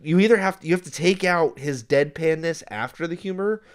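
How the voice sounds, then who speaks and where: A man co-hosting a casual film review chat, talking in an animated way and sometimes acting out scenes. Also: fairly high pitch, brisk, clean tone. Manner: animated, acts out scenes in exaggerated voices. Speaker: podcast co-host reviewing films.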